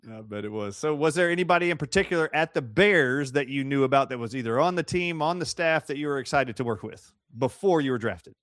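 A man's voice: mid-range voice, lively intonation, fast talker, hardly any pauses, fairly bright tone, no room sound, clean studio sound. A man interviewing a former football player, prompting him with short, encouraging questions. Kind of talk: conversational interview.

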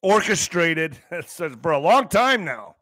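A man's voice: sits high, big pitch swings, takes it slowly, pushed and bright, dry recording, studio quality. A middle-aged man giving emphatic, sarcastic commentary as a podcast host, swearing as he reads out and mocks the news. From US border region. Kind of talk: ranting commentary reading news.

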